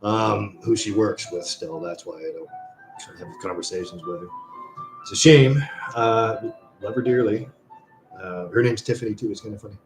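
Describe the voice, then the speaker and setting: A livestream host with a lowish voice, talking at normal speed, rambles through a story and swears freely in casual chat. The audio has a roomy echo with faint music behind him.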